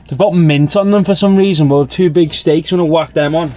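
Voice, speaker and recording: A man's voice: a little high, brisk, dark tone. A young man, chatting casually to camera in a campervan, rambling with lots of fillers. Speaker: travel vlogger. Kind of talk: casual vlog chat to camera. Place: inside a small campervan.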